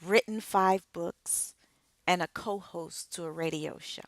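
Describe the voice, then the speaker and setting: Slow, emphatic middle-aged woman speaker. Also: on the low side, dry recording. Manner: emphatic, measured delivery with dramatic pauses. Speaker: author and radio co-host. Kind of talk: inspirational speech.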